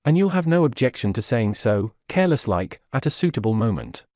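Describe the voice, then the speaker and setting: A man's voice: medium pitch, big pitch swings, fairly quick, darkish tone, no echo, studio quality, natural voice. A man voicing a middle-aged police superintendent who speaks steadily and laconically. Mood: steady probing.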